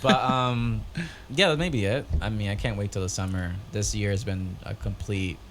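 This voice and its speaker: A man's voice: lowish voice, moderate pace, slight background noise. A man co-hosting a casual podcast, telling a story animatedly and acting out dialogue in a raised voice. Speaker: podcast co-host.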